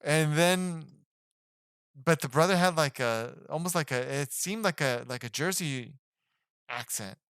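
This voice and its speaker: A man's voice: a little high, a little slow, a bit bright, clean tone, no room sound, studio quality. A man giving a casual spoken film review, rambling and hesitant, with lots of fillers and restarts. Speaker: movie reviewer.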